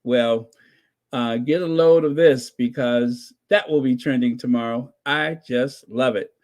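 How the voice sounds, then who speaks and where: A man hosting his own channel, giving excited casual commentary, gleeful and laughing, who repeats his points over and over. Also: medium pitch, a little slow. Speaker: channel host reacting to royal news.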